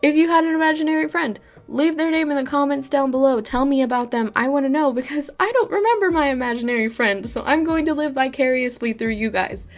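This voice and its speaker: A woman vlogger telling childhood stories in a casual, animated way, laughing often. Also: high voice, fast talker, hardly any pauses. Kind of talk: casual storytime chat.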